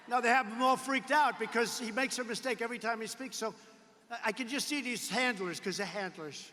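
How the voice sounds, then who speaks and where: A man's voice: very high-pitched, fairly quick, sharp tone, slight background noise. A man giving a political rally speech in an emphatic, repetitive way, with sarcastic asides. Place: large rally arena. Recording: long reverb from a large arena.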